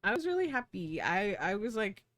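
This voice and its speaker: A woman's voice: normal speed, no echo. Giggly rambling streamer woman, dry sound. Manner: rambling and giggly, with casual swearing and playful baby talk; pitch leaps up high when excited. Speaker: streamer and 3D artist. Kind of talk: casual stream chat.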